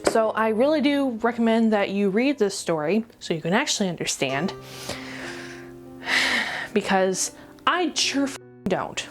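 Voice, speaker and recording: A woman reviewing an anime in a ranty vlog, exasperated, rapid and swearing. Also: a little high, lively intonation, music in the background.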